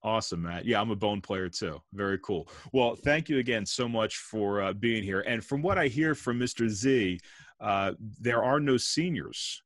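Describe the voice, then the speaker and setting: Host: relaxed man with a lowish voice, dry video-call audio, casual friendly interviewer. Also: moderate pace, dry recording. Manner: relaxed, friendly, jazz slang. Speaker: host, band director.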